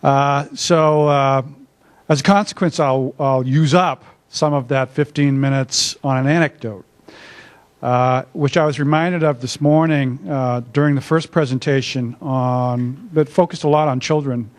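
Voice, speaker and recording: A man's voice: mid-range voice, fairly even intonation, measured pace. An older man, an academic, giving a conversational workshop presentation in a conference room, with frequent filler words. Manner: conversational, self-deprecating, many filler uhs. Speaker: academic speaker.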